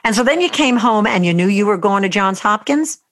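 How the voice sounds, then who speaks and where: A woman interviews her guest in a relaxed conversation. She gives short affirmations and asks simple follow-up questions, encouraging the guest to keep talking. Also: medium pitch, fairly quick, no room sound, studio quality.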